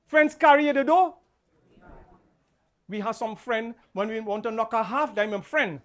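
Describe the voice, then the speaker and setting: A man with a very high-pitched voice, speaking at normal speed, is an officiating pundit preaching a funeral sermon. He repeats key lines and swings between soft and loud.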